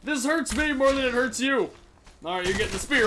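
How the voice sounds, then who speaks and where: A young man giving casual, excitable commentary on his video game, rambling, swearing and yelping at sudden danger. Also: very high voice, fairly quick, slight background noise. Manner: chatty rambling to animals in the game. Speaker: gaming channel host. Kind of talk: Let's Play commentary.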